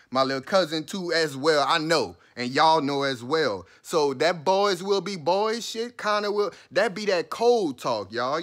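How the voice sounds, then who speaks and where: A man's voice: a little high, a bit bright. A man giving a heated, profane and sarcastic commentary, talking straight to his listeners. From New Orleans, USA. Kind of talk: ranting commentary.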